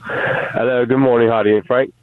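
A male caller from who speaks calmly and matter-of-factly. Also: mid-range voice, moderate pace, no room sound. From London. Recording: dry phone line.

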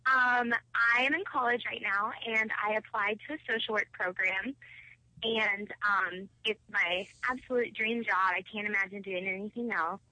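A woman's voice: medium pitch, fairly even intonation, normal speed, pushed and bright, dry recording. A woman in her twenties calling a radio show for advice, earnest and hesitant, over a phone line. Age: 20s. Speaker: radio caller. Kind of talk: asking for advice.

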